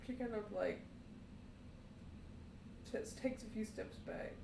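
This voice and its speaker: A woman playing a tabletop game, calling her character's actions in short, quiet lines. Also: medium pitch, takes it slowly, vocal fry. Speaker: player. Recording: echoey room with faint noise.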